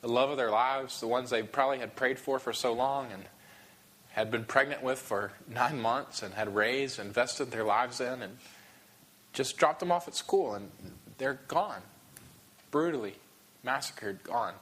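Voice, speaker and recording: A man preaching a sermon to his congregation, emotional and halting, often restarting his sentences. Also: mid-range voice, a bit bright. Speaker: pastor.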